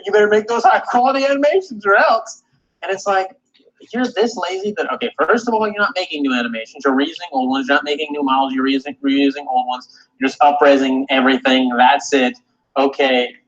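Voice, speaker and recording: A man ranting about video games in a heated, cursing, animated way, often stumbling over and repeating his words. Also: medium pitch, breathy edge. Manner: animated, cursing, repeats himself and mimics others. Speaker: video game commentator. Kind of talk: profane rant. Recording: dull lo-fi audio.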